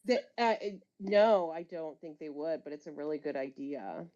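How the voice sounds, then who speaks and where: A woman's voice: sits low, animated, normal speed, warm tone. A woman telling a long story in casual chat, swearing and laughing as she rambles. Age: adult with a son. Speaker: storyteller on a live talk stream. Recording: dull lo-fi audio.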